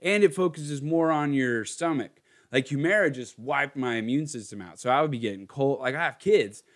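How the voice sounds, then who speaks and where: A man's voice: medium pitch, lively intonation, normal speed. A young man, a comedian, chatting casually and telling crude self-mocking stories with acted-out quotes. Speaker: comedian, podcast host. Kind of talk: casual chat.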